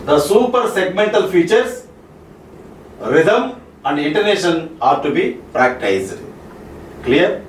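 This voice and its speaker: A man with an Indian English accent giving a classroom lecture on spoken English, repeating each point and checking with "Okay?" and "Clear?". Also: high voice, slight background noise. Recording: roomy echo, mic far off, faint ambience.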